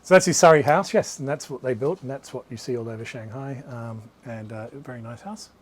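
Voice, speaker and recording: A man of medium pitch talks a little fast, with slight hiss or hum audible. He's an author speaking live to a small bookshop audience about his books, his anecdotes wandering with frequent restarts and asides.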